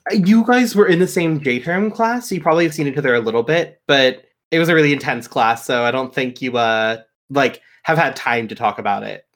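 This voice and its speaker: A man runs a tabletop role-playing game, narrating scenes and describing what the players hear. He speaks at a medium pitch and at an animated, quick pace. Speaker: game master.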